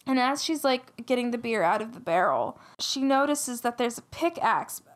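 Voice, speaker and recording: High-voiced woman, rambling casual retelling. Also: animated, moderate pace. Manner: rambling, full of "like", laughing while retelling. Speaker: storyteller retelling a folk tale. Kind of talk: casual chat.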